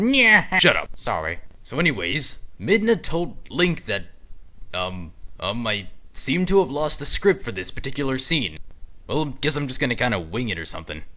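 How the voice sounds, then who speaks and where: A man narrates a comedy parody in a sarcastic, rambling way, stumbling over words as he goes. His voice is bright and animated, with a lively pitch. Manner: rambling, sarcastic, fumbling asides.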